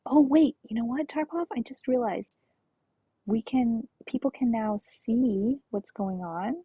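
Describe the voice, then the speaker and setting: A young woman game streamer chatting casually and excitedly, gushing greetings to her viewers with a breathy voice. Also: on the high side, unhurried, no echo, dull audio. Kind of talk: casual live-stream chat.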